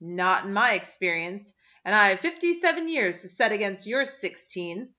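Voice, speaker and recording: A woman's voice: medium pitch, lively intonation, normal speed, bright, forceful tone, lo-fi sound. A woman reading the part of a sour, gloomy woman of fifty-seven who talks in a scornful, clipped way.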